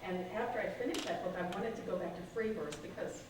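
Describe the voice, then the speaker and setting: A woman's voice: mid-range voice, fast talker. Poet woman in an echoey hall. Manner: rambling, self-deprecating, laughs easily. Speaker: poet giving a reading. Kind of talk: poetry reading with chatty asides. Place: conference hall reading. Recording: echoey hall, distant mic, background noise.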